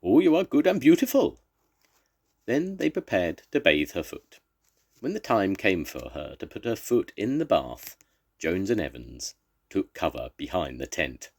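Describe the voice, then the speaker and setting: An older man, a grandfather, reading a children's story aloud in a gentle, expressive way. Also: deep voice, gravelly.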